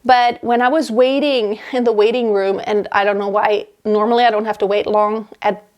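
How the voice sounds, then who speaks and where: A woman's voice: mid-range voice, steady tone, moderate pace, darkish tone. A woman in her thirties, out of breath, chatting in a rambling way with many restarts in a casual pregnancy update from her home workroom. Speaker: vlogger.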